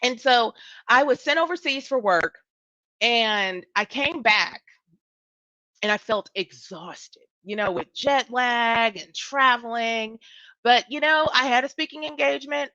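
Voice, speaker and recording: A woman in her thirties, a business coach hosting her show, telling a personal story in a lively, laughing way with lots of repetition. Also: fairly high pitch, measured pace, no room sound, lo-fi sound. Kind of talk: casual solo talk to camera.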